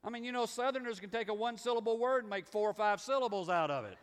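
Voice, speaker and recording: Southern preacher guy, middle-aged, chatty folksy sermon, higher voice, big reverby church sound. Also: quick pace, smooth. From Southern United States. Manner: folksy, conversational preaching with repetitions and restarts. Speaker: pastor.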